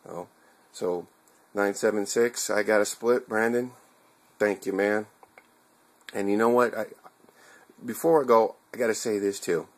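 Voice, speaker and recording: Low-voiced guy rambling earnestly to his viewers, casual heartfelt vlog, swears a bit. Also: fairly even intonation, unhurried, long pauses. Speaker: video blogger.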